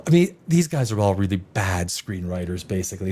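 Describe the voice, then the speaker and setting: A man's voice: on the low side, sing-song, brisk, few pauses, a little mellow, husky. A man hosting a live stream, reacting to headlines with sarcastic, rambling casual commentary.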